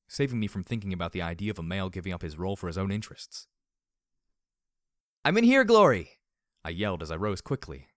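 A man narrates a first-person audiobook at a steady, measured pace. His voice is very deep. The recording is dry, with no room sound at all. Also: no room sound.

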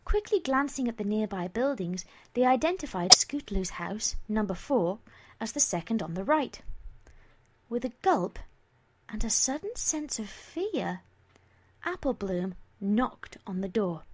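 Expressive woman reading a story aloud. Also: medium pitch, a little slow. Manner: expressive, animated.

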